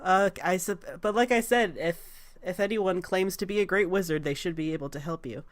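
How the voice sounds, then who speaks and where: A woman voicing the Raven Queen, a regal, aloof demigoddess who speaks in a measured, formal way. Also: on the low side, close to an everyday voice.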